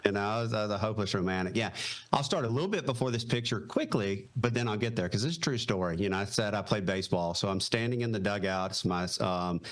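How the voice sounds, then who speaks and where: A man's voice: fairly low pitch, animated, fast. Easygoing Southern man telling stories. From North Carolina, US. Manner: easygoing, many fillers, retells quotes. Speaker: podcast guest, retired Marine helicopter pilot. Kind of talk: casual storytelling interview.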